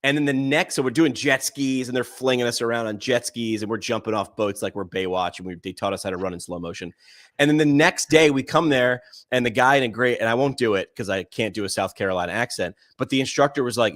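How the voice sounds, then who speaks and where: A male podcast co-host in casual discussion. He talks emphatically, telling stories with lively jumps in pitch and loudness. He keeps pushing his point with energy. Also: brisk. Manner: emphatic, animated storyteller with big swings in pitch and loudness.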